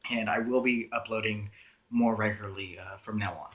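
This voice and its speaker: A man's voice: lowish voice, fairly even intonation, normal speed, a bit bright. A young man casually telling a story in a wry, conversational way, with frequent "uh" fillers. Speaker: storyteller vlogger.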